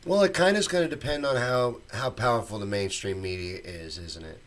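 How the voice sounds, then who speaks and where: A man's voice: on the low side, a little fast. A man hosting a casual live stream, reading viewer comments aloud and answering each one with his own opinions. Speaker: show host reading live chat.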